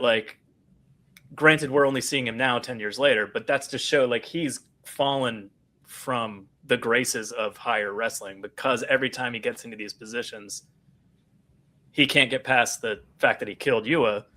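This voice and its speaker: A man's voice: mid-range voice, moderate pace, bright, forceful tone. A man co-hosting a podcast, animatedly retelling scenes from a comic in casual chat. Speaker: podcast co-host.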